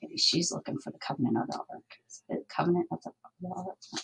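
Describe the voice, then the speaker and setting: Gravelly-voiced woman chatting while crafting. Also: lowish voice, fast, background noise. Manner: chatty, thinking aloud while working, with asides and laughs. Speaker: crafting livestream host. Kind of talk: casual crafting chat.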